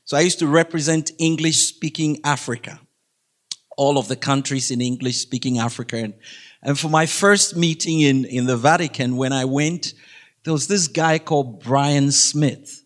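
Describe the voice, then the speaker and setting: A man's voice: a little high, normal speed. A middle-aged man giving a humorous faith talk to a school audience, chatty and laughing, often asking the listeners questions. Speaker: guest speaker.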